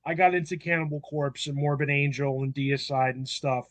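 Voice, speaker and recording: Animated storytelling man, dry close sound. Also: fairly high pitch, normal speed, no echo. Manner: animated, acts out quoted voices, swears freely. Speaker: panel member. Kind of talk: casual storytelling chat.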